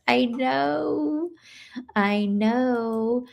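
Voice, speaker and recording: A woman's voice: on the high side, animated, slow pace, creaky. A middle-aged woman hosting a casual livestream, chatting in a rambling way and stopping to greet viewers and answer their comments. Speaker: livestream host.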